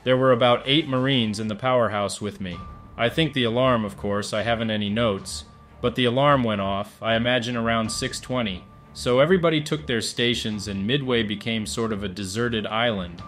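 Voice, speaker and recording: A man's voice: medium pitch, moderate pace, a bit bright, faint music behind. A middle-aged man giving a plain, matter-of-fact spoken recollection of his wartime service, rambling a little and restarting his sentences. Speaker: wartime filmmaker giving a firsthand account.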